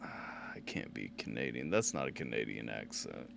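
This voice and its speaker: A man hosting a live music reaction stream, bantering loudly with laughs and swearing. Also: a bass voice, lively intonation, moderate pace, vocal fry, a little hiss or hum. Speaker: stream host.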